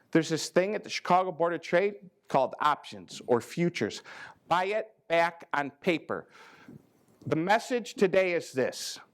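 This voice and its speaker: Male speaker with a high pitch, folksy and teasing, for a live farm-conference talk to a crowd. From American Midwest. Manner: folksy, teasing, acts out quoted farmers with big pitch jumps. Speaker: ag risk management advisor giving a talk. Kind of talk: joking conference talk to farmers. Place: conference learning center room with a live audience.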